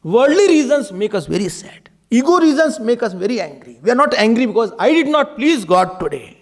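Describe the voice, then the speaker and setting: His pitch is extremely high, with big swings, and he speaks a little fast. In this passionate devotional discourse, the spiritual teacher urges and pleads with listeners, interspersing Hindi verses and pleading cries.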